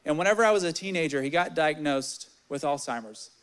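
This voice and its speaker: A young man preaching a sermon, candid and animated, telling personal stories and reading scripture. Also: brisk, clear, resonant tone. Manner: candid and animated, swelling louder in stories, dropping low on scripture.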